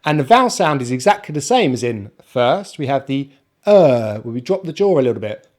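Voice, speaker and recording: A man with a British accent teaching an online pronunciation lesson, speaking slowly and modelling each sound one at a time. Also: fairly high pitch, big pitch swings, a little mellow. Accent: British English, non-rhotic. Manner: slow, careful, demonstrates sounds one by one.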